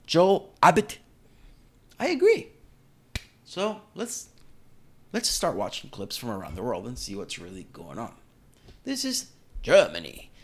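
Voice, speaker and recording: Animated man commenting on clips. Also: mid-range voice. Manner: animated, indignant, reacting to clips. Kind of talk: casual video commentary.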